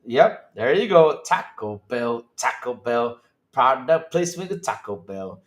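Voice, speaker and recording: A man's voice: mid-range voice, sing-song, unhurried. A man hosting a casual podcast, chatting loosely, repeating himself, swearing and laughing often. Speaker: podcast host. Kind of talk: casual livestream chat reacting to chat comments.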